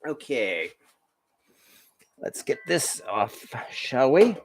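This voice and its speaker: A man's voice: medium pitch, very animated, extremely slow, background noise. A man hosting a home cooking show, chatting casually while he cooks, rambling and self-deprecating with corny puns. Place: home kitchen.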